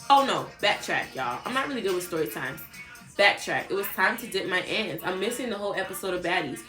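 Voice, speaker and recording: A young woman telling a storytime on her vlog in a chatty, animated way, swearing and talking straight to her viewers. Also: mid-range voice. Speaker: vlogger. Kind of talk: casual storytime chat. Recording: roomy echo, faint background music.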